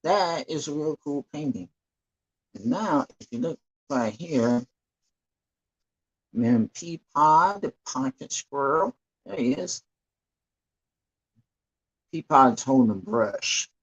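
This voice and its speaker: A man rambles slowly to his live-stream viewers, and his voice moves up and down a lot. He sounds a little husky, clears his throat often, and comes through dull, lo-fi stream audio. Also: mid-range voice, animated. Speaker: livestreamer painting for viewers. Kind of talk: casual live-stream chat.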